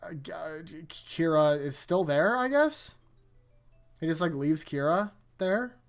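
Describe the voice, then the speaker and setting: A man's voice: on the high side, animated, slow pace, smooth, faint music behind. A man hosting his own anime rewatch, recapping episodes in a loose, rambling way that trips over itself and keeps correcting itself. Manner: rambling, self-correcting, chuckles often.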